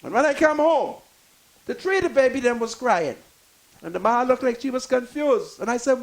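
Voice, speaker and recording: An older Bahamian man speaks in an unusually high voice with plenty of gravelly fry. His pitch jumps around a lot as he tells emphatic, preachy stories on a talk show, and now and then he bursts into a shout. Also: lively intonation, normal speed, rough recording. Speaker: guest. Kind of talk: talk radio discussion.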